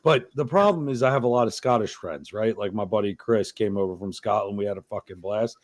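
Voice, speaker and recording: A man's voice: fairly low pitch, fairly quick. A man from New York hosting a podcast, talking in a crude, rambling, profane way. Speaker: podcast host. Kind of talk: casual chat.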